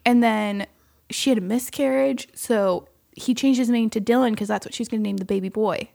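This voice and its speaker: A woman chats animatedly, her voice sitting a little high with a gravelly fry at the edges. She tells stories with lots of laughter and acts out what other people said. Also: normal speed. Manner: animated storyteller, laughs often, acts out quotes. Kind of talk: casual chat.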